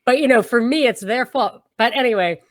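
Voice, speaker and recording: A middle-aged woman from Brooklyn with a strong New York accent talks through a casual livestream chat. She is animated and laughs easily, her voice sitting a little high and dry, close to the mic. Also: a little fast, no echo. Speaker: podcast co-host. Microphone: livestream video call.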